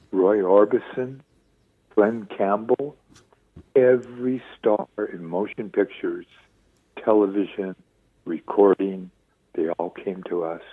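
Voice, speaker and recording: A man in his seventies, a radio interview guest, telling stories with lively acted-out quotes. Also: fairly low pitch, breathy edge, dry recording. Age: 70s. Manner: lively storyteller acting out quoted voices. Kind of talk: phone-in radio interview storytelling. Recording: tinny dry phone line.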